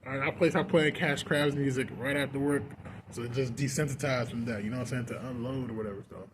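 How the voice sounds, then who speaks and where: A man's voice: mid-range voice, fairly even intonation, fast talker. Profane rambling man venting. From Texas. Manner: loose, profane and rambling, with many fillers. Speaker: fast food worker venting. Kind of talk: casual ranting vlog. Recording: noisy background.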